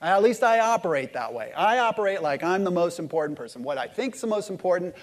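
With a high-sitting voice and lively intonation, a pastor preaches to the congregation, alternating emphatic loud lines with soft, slow ones. He also guides the room through call-and-response.

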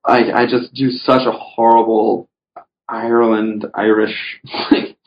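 A man's voice: fairly low pitch, flat delivery, slow pace. A man chatting casually on a podcast as a guest, rambling through his stories with lots of "you know" fillers. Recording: dull lo-fi recording.

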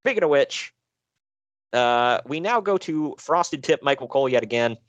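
A man co-hosting a casual podcast chat, recapping wrestling shows in an animated, joking way with frequent laughs. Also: normal speed, no echo, lo-fi sound. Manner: animated, laughing, swearing, jumps in pitch.

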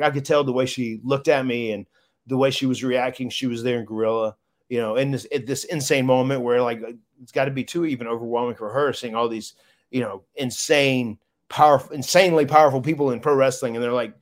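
A man speaking as an interview guest, his voice at a middle pitch. He tells his story in a loose, heartfelt way. He keeps stumbling over his words and starting again. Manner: emotional, rambling with many restarts. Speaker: guest, former wrestler.

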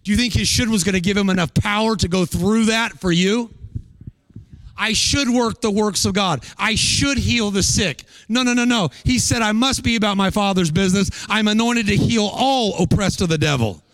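A middle-aged man preaching a guest sermon with energy, in a sing-song cadence and shouted peaks. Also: high-pitched, moderate pace, dry recording.

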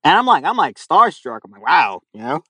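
This interview guest is a young animal caller from Louisiana who speaks with a drawl, voicing the other characters in his story and laughing as he goes. He talks fast in a slightly high, sing-song, fairly bright, husky voice. The recording is close and dry, without echo.

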